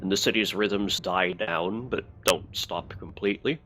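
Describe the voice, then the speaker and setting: A man's voice: low-pitched, moderate pace, fairly bright tone, faint music behind. A man narrating as game master of a tabletop game over voice chat, easygoing with fillers. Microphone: headset or desk mic on voice chat.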